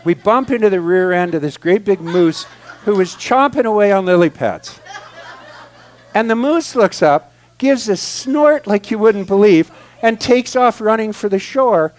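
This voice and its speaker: Giving a guest talk at a spiritual center, a man with a high-sitting voice speaks at normal speed. His funny personal anecdote is lively, moving between excited outbursts and soft asides.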